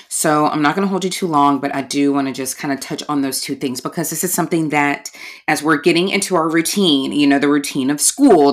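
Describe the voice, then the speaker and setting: A woman with a notably low voice talks through a solo podcast episode. She is chatty and candid, speaking straight to her listeners and calling them y'all. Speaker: podcast host. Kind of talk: casual podcast monologue.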